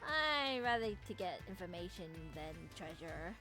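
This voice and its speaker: A woman's voice: mid-range voice, sing-song, measured pace, bright, forceful tone. A woman streaming a video game, chatting and reacting as she plays, with game music behind. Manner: chatty, reacting and reading along. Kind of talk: let's play commentary.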